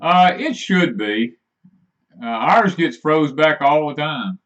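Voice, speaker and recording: A man's voice: fairly high pitch, animated, takes it slowly, fairly bright tone. A middle-aged man, co-hosting a casual homestead live stream and telling farm stories in a folksy drawl. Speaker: homesteading channel co-host. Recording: dull lo-fi stream audio.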